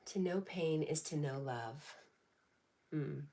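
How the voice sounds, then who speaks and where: A woman hosting a casual livestream, reading viewers' comments aloud and answering in a gentle, affectionate, spiritually encouraging way. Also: sits low, slow. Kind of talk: casual live-stream chat.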